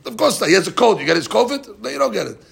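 A man teaching a lively religious text class, asking his students questions and reading passages out quickly. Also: high voice, gravelly, slightly rough. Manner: animated, questioning the class, reads Hebrew text fast. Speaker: rabbi teaching a Talmud class. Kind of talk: Talmudic lesson, mixing English and Hebrew.

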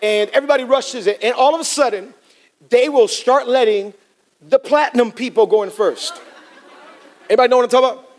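High-voiced man preaching a lively sermon. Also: fairly quick, long pauses, a faint crowd. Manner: humorous, animated storytelling to a congregation. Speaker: pastor. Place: church in front of a congregation.

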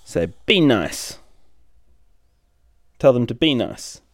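Playful, animated dad reading aloud. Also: male voice, medium pitch, slow pace, creaky, no echo, studio quality. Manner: playful, sing-song storytelling with big reactions. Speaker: podcast host reading a comic to his child. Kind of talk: animated comic read-aloud.

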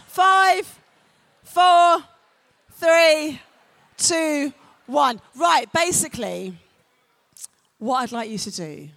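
A woman's voice: sits high, a bit bright. A woman with a London accent, a youth worker speaking to a festival crowd in a chatty, playful way. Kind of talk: lively talk to a festival audience. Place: stage in a large festival tent.

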